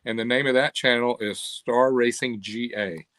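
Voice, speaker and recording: An older man with a drawl tells stories as an interview guest, acting out the voices of people he met with gusto. His pitch sits mid-range. The sound is dry and close, with no room around it. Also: normal speed, no echo. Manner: animated storyteller, acts out quoted voices. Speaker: interview guest, cam company owner. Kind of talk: casual interview storytelling.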